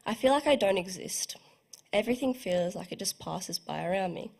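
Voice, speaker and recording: A woman's voice: mid-range voice, animated, normal speed, gravelly, a little mellow, breathy edge. Woman reading a tired lonely dad, subdued, weary, mid-height voice. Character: tired, lonely middle-aged father.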